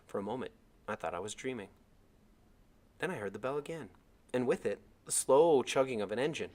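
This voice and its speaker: A man reading a chapter of a novel aloud as narrator, with expressive storytelling. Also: medium pitch, fairly quick, pauses often.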